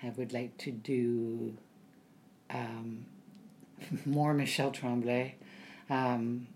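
A woman with a low voice chats as an interview guest, drifting into anecdotes full of ums and acted-out quotes. Faint background noise sits under her. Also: little pitch movement, very slow, a little mellow. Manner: chatty storyteller with frequent ums, acts out quotes. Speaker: actor guest. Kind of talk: casual interview chat.

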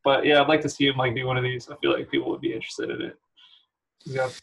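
A man's voice: mid-range voice, little pitch movement, fast talker, creaky, fairly bright tone, low-quality recording. A man from San Francisco chatting as a podcast guest, telling rambling stories with many fillers and laughs. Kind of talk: casual chat.

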